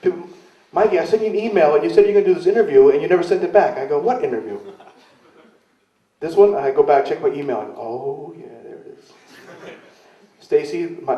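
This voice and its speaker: A man tells rambling, self-deprecating stories in a casual interview, slipping into the voices of the people he quotes. His voice sits a little high. He sounds distant in a reverberant room, and the recording is muffled and lo-fi. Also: mellow. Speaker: interviewee, wrestler. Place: club in London. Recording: roomy, distant, dull lo-fi camcorder sound.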